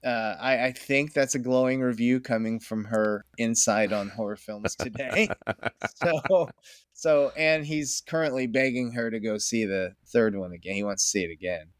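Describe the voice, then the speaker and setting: A man's voice: medium pitch, moderate pace, dry recording, studio quality. A middle-aged man, a podcast guest, talking enthusiastically in casual conversation, rambling and laughing often.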